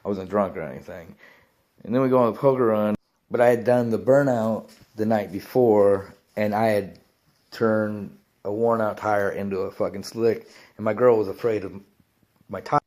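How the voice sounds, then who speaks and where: A man's voice: fairly low pitch, steady tone, moderate pace, a little mellow. Profane rambling man telling a biker story. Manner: profane, rambling, laughs often. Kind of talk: casual storytelling.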